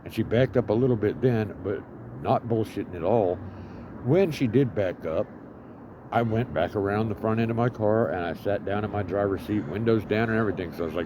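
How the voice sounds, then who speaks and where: A man's voice: lowish voice, a little fast, noisy background. A man telling a rambling story full of swearing and fillers, outdoors in an urban setting. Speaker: vlogger living homeless.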